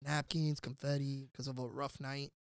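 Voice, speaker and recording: A man telling a wild story in casual chat, animated and swearing, shouting out the lines he quotes. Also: medium pitch, moderate pace, gravelly, smooth, no echo, studio quality. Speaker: podcast guest storyteller.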